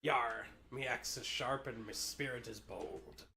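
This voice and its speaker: A man voicing a hearty male pirate sailor with a slow, drawling growl. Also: mid-range voice, fairly even intonation, creaky, pushed and bright, slight background noise.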